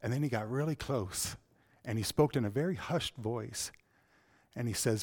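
Middle-aged man, preacher, sermon, swings between loud and hushed. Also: medium pitch, lively intonation, normal speed, long pauses. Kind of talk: sermon with personal story.

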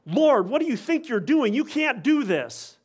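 A preacher voicing an indignant disciple. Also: male voice, extremely high pitch, sing-song, unhurried, breathy edge, voice pushed up, exaggerated voice. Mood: emphatic protest. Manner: emphatic, indignant. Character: impetuous male disciple protesting strongly.

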